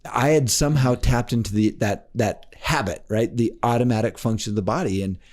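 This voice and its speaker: Speaking briskly, a man interviewed as a life coach on a podcast narrates a story with animation. He acts out each person's voice, swinging sharply up and down in pitch.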